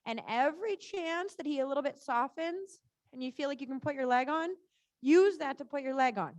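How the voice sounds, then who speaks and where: High-voiced woman coaching a rider. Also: a little mellow, no room sound. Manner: encouraging, quick short cues. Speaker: riding instructor. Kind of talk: live coaching during a riding lesson. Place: indoor riding arena.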